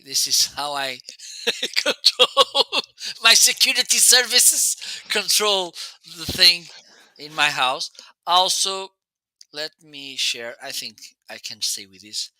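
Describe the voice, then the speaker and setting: A man's voice: on the high side, pushed and bright, no room sound. A man with a slight Italian or Portuguese-sounding accent, hosting a live shopping stream in a chatty way and laughing often as he demos gear. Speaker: live shopping show host. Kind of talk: casual live-stream product demo.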